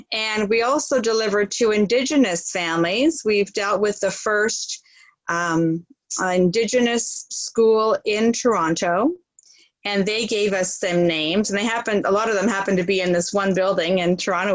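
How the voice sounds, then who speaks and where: An earnest woman who runs a charity talks through her work in a relaxed interview. She rambles a little and keeps replaying conversations. Her voice sits at a middle pitch and sounds dry and close. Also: dry recording, low-quality recording. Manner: earnest, rambling, retells dialogue. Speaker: charity founder, interview guest. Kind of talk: casual interview talk.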